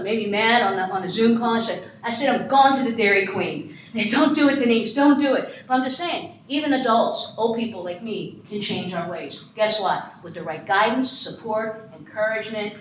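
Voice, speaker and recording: A woman in her sixties from Ohio giving an animated, humorous keynote talk on adoption and quizzing her audience. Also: a little high, fairly quick, few pauses. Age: 60s. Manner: animated, chatty, self-deprecating humor. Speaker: conference speaker on foster care and adoption. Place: conference hall. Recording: echoey room with faint noise.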